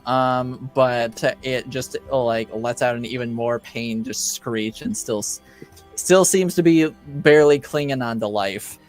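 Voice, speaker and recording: A man running a tabletop game as game master, describing scenes haltingly with many pauses and filler words. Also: mid-range voice, clear, resonant tone. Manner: halting, full of ums and likes.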